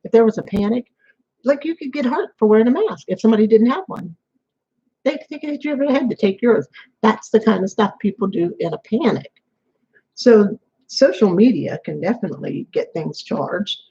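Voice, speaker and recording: A vlogger talking casually to camera from an apartment, drifting from point to point and repeating phrases. The voice is husky and a little breathy. The audio sounds dull and lo-fi, as if it came from a built-in camera mic. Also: mid-range voice, expressive, brisk, dark tone. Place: home apartment, indoors. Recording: dull lo-fi home recording.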